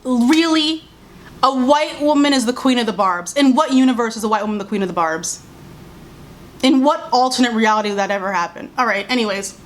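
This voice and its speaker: A woman's voice: mid-range voice, a little hiss or hum. Exasperated young woman ranting to camera. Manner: exasperated, sarcastic, animated, with mocking voices and laughs. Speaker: YouTube commentary creator. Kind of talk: casual commentary rant.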